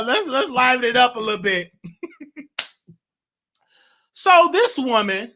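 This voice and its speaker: Here a man hosts a talk show, reacting to celebrity gossip with animation, feeling, laughter, and long drawn-out words. His voice is very high-pitched, and there's slight background noise.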